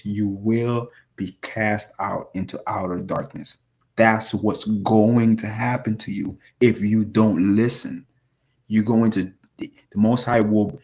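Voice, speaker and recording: A man giving casual scripture commentary to his viewers, animated and rambling, talking straight to them. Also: mid-range voice. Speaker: religious video preacher.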